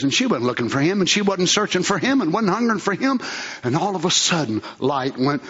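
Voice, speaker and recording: A man preaching a fervent sermon, swinging between shouts and low asides. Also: very animated, brisk, slightly rough, muffled recording.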